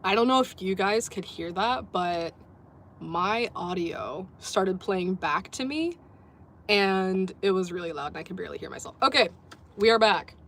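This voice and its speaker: A woman's voice: mid-range voice, expressive, unhurried, fairly bright tone, slight background noise. Woman streaming live from a sports bar, casual chatty vibe, laughs a lot, reads comments out. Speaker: livestream host. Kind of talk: casual livestream chat.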